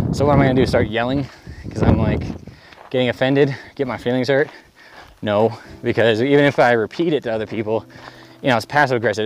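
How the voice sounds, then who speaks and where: A man's voice: mid-range voice, low-quality recording. A young man vlogging outdoors on a desert hiking trail, chatty and rambling with lots of fillers. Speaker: thru-hiker vlogger. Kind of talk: casual talking to camera on the trail.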